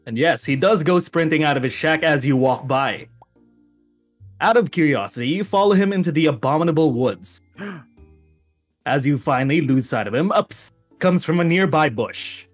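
A man's voice: fairly high pitch, lively intonation, normal speed, faint music behind. Wry man reading game text aloud. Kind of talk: let's play group chat, reading story aloud.

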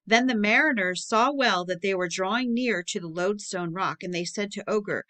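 A woman narrating a public-domain book aloud in a steady, measured reading. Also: medium pitch. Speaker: audiobook narrator.

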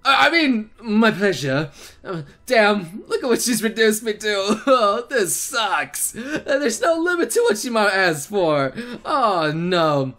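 A man giving excitable let's play commentary, laughing and swearing through his reactions. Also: sits high, takes it slowly, hardly any pauses. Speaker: gaming channel host.

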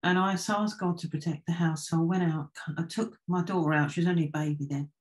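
A woman's voice: on the low side, fairly even intonation. A woman, a trance medium guest telling spiritual anecdotes in an easygoing, conversational way. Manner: anecdotal, unhurried, with filler restarts. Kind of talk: casual storytelling in conversation.

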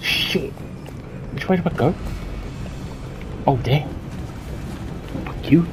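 A young man, apparently a gameplay streamer, talks through a horror game while playing, cursing often and yelping when startled. His voice sits on the higher side and moves slowly. The recording is low quality, with loud game music behind him.

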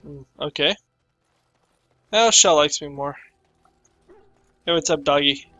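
A man casually commenting on his own playthrough of a video game, offhand and relaxed. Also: a little high, takes it slowly, poor audio. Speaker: gamer. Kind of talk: let's play commentary. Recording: voice over game audio with faint music.

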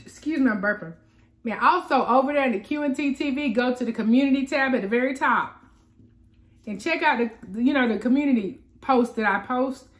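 A woman hosting an eating show from a home man cave, chatting in a relaxed way and talking straight to her viewers. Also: high-pitched, brisk. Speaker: mukbang host. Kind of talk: casual eating-show chat.

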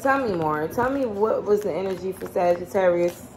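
A woman's voice: fairly low pitch, animated, normal speed, noisy background. A woman giving a casual tarot reading, talking bluntly and chattily with plenty of swearing. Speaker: tarot reader.

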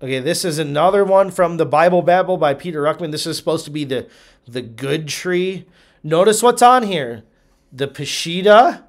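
A man in a teaching role walks through a series of charts, his voice sitting a little high for a man. He thinks aloud as he goes, often restarting sentences and checking in with "okay?" The delivery is a casual lecture, not a polished script. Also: lively intonation, moderate pace. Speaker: Bible teacher.

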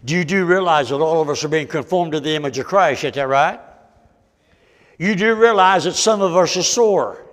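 A man preaching a folksy sermon, swinging between loud and hushed. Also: fairly high pitch, normal speed, big-room sound.

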